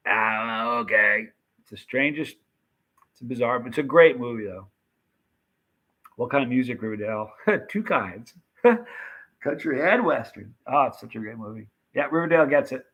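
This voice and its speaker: A man hosting a casual live stream, reading viewer comments and rambling excitedly about old movie scenes. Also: medium pitch, normal speed, long pauses. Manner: chatty, rambling, animated retelling of movie scenes.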